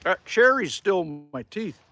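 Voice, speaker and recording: A Canadian man with a fairly high voice that swings widely in pitch, chatting casually on a livestream. He rambles and swears lightly as he talks to viewers from outdoors beside a fire. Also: big pitch swings, a little slow, creaky, bright, forceful tone, slight background noise. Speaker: livestream host. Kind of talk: casual live-stream chat reading viewer comments.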